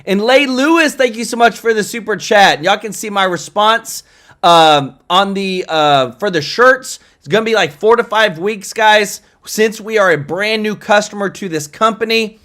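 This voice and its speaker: A man's voice: high-pitched, normal speed, pushed and bright. A man hosting a casual news livestream, chatty and thanking viewers for their super chats.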